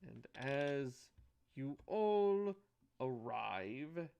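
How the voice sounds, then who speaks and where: A man narrating a tabletop game as game master, halting and restarting phrases as he goes. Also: mid-range voice, very animated, creaky, darkish tone, clean tone, highs cut off.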